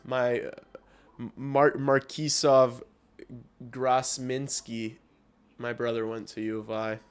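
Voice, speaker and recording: Guy live streaming hockey, swears a lot, bantering with chat, gets loud and ranty. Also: medium pitch, little pitch movement, slow pace, clean tone. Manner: blunt, profane banter with chat, rising into loud rants.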